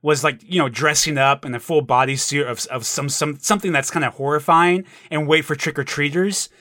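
A man co-hosting a podcast in relaxed banter, laughing often and steering the talk back to the topic. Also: fairly high pitch, fairly quick, no echo, studio quality. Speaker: podcast co-host.

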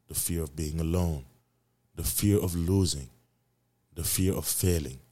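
Deep-voiced profane podcast host. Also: male voice. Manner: profane, rambling, preachy motivational; repetitive emphatic delivery, swinging loud and soft. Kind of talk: casual solo podcast monologue.

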